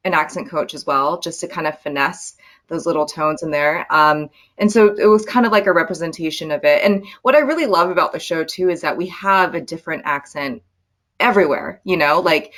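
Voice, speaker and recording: A woman's voice: deep voice, fairly bright tone. A woman, an actress, chatting casually in an interview, thoughtful and often starting with um or like. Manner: thoughtful, lots of filler and restarts. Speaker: actress guest.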